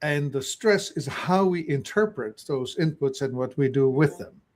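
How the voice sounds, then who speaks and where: A man co-hosting a podcast, reflective and explaining ideas in short, measured phrases. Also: a little high. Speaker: podcast co-host. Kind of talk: casual podcast chat.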